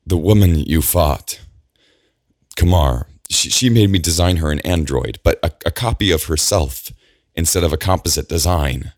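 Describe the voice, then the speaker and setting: A man's voice: rumbling low, no room sound, studio quality, pitched above the performer's own voice. A man voicing an anxious young male engineer who stammers and repeats words. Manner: halting and stammering.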